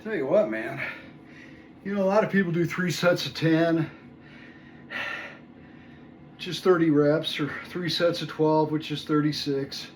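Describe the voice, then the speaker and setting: A man in his sixties counts his reps slowly and groans between sets, winded from the effort. His voice sits a little high. He sounds distant, picked up by a phone across an echoey room with steady background noise. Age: 60s. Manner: groans and mutters between sets, chatty asides. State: out of breath. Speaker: fitness vlogger. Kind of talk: workout vlog, counting reps aloud. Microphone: phone camera set at a distance.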